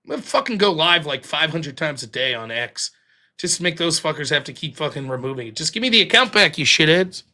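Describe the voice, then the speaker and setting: A man's voice: a little high, very animated, fairly quick, pushed and bright. A man hosting a casual livestream, talking in a joking, profane, ranting way. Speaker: livestream host.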